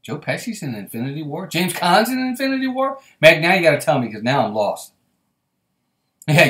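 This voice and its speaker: A man's voice: a little high, very animated, moderate pace, fairly bright tone, echoey room. A man hosting a casual live stream, chatting and laughing often as he reads viewer comments aloud. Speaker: host.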